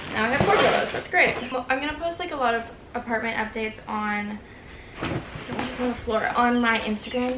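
Young woman, twenties, rambling casual vlog talk, echoey room, audible background noise. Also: a little high. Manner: rambling, heavy use of "like", candid. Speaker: vlogger. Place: apartment, indoors.

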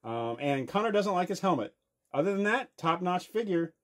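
A man's voice: high voice, big pitch swings, normal speed, fairly bright tone. A father and podcast co-host hosting a comic skit and figure review, with a playful, exasperated delivery.

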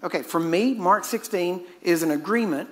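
A man's voice: high-pitched, normal speed, fairly bright tone. A man preaching a sermon, emphatic and constantly quizzing his listeners. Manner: emphatic, questioning the audience.

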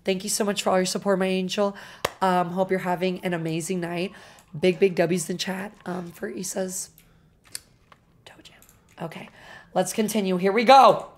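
A woman streaming a video game, talking to her chat in an expressive, dramatic way and swearing freely. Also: on the low side, normal speed, pauses often, slight background noise. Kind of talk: casual gaming livestream chat. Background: faint game music.

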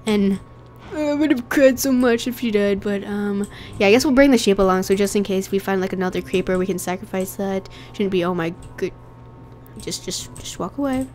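A young woman with a cold, coughing and rough-voiced, chatting casually and getting easily exasperated while she plays. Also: medium pitch, fairly quick, darkish tone, soft background music. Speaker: gaming channel host. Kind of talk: casual gameplay commentary.

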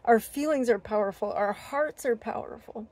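A woman vlogger sharing a heartfelt spiritual talk, earnest and gentle, with many fillers and restarts. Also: on the high side, normal speed. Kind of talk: heartfelt personal talk to camera.

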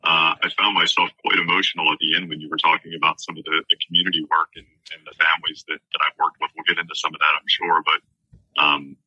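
Guy in his 40s, super deep voice, husky, dry close sound, lots of ums, earnest guest vibe. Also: flat delivery, bright, forceful tone, no room sound, muffled recording. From southern New Jersey. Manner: halting, many fillers and restarts, earnest. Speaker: podcast guest. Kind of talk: casual interview chat.

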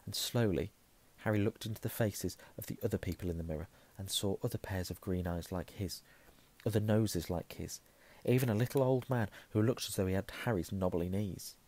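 A hoarse man reading a novel aloud, hushing at tense moments and correcting himself. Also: fairly low pitch, brisk. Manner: self-correcting, softening to a hush at tense moments. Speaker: reader.

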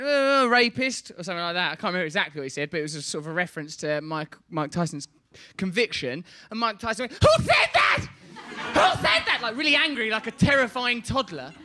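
An English man telling a comic story in an animated, mocking, playful way. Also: high voice, fast. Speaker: comedian. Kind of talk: stand-up storytelling.

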